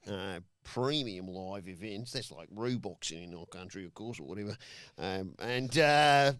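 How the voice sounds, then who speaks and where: A man's voice: lowish voice, expressive, measured pace, fairly bright tone, smooth, no echo, clean studio sound. A man on a podcast doing a put-on Australian accent as a brash, jokey bloke who keeps saying "bloody". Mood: mock-casual. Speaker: podcast co-host. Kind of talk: mock Australian host intro.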